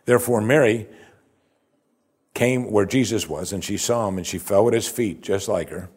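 A man's voice: on the low side, moderate pace, a little mellow, breathy edge. A male pastor preaching a sermon in a conversational, expository way, with emphatic rises.

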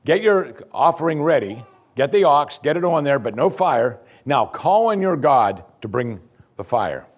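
Animated male preacher with lively pitch. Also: measured pace. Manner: animated, acts out the chanting with raised pitch and volume, dry humor. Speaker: pastor. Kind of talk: sermon.

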